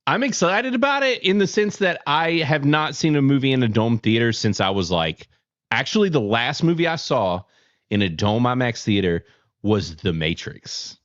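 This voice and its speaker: A man's voice: mid-range voice, sing-song, normal speed, no echo, highs cut off. A Southern man from near Charlotte hosting a live-stream podcast, rambling, swearing freely and laughing often. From near Charlotte, North Carolina. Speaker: podcast host. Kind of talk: casual live-stream chat.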